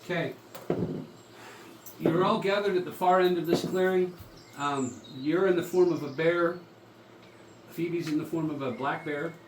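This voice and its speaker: A man running a tabletop game, with relaxed narration full of small pauses. He sounds far from the mic in an echoey room, with steady loud noise behind him. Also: fairly high pitch. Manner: relaxed, halting narration with frequent ums. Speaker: game master.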